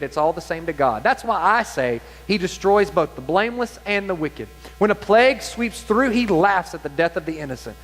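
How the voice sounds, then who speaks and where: A man preaching a sermon, reading scripture aloud with passionate, dramatic emphasis and slow, stretched-out phrases. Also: high-pitched, fairly bright tone. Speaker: pastor. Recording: long hall reverb with faint music and hum.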